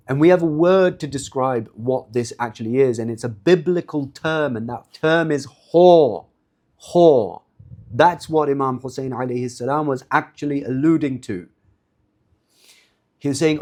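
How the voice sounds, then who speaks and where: A man's voice: medium pitch, normal speed, darkish tone. Impassioned, sarcastic male religious lecturer.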